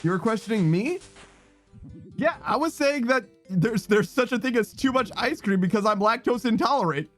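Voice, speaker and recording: High-voiced man laughing through stream chat. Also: lively intonation, normal speed, a bit bright, soft background music. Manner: laughs often, teasing, reads chat messages aloud; slangy, swears freely. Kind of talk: casual live-stream chat.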